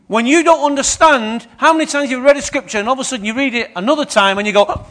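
A man's voice: very high voice, lively intonation, fast talker, hardly any pauses, fairly bright tone. A man preaching a sermon, questioning his congregation as he goes.

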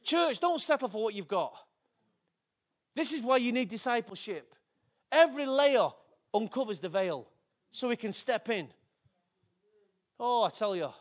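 Man, very high voice, fervent preacher, emotional, swinging loud and soft, sermon to a congregation. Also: expressive, measured pace, long pauses. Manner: fervent, emotional, with big swings in pitch and loudness. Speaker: pastor.

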